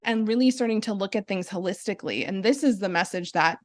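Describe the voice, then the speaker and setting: Earnest animated woman podcast host. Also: medium pitch, dry recording, clean studio sound. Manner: animated, earnest, explains with quick asides. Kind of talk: casual podcast conversation.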